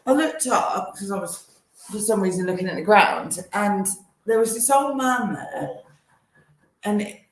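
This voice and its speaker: A woman's voice: medium pitch, measured pace. A young woman telling a story casually on a family live stream, chatty and self-deprecating, laughing now and then. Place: home kitchen. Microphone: live-stream mic. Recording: very echoey room, faint noise.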